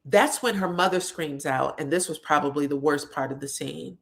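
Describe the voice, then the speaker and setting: A woman's voice: low voice, measured pace, vocal fry, fairly bright tone. A woman casually recapping a reality show episode in a chatty, conversational way. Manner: chatty, conversational, drops in "you know what I'm saying".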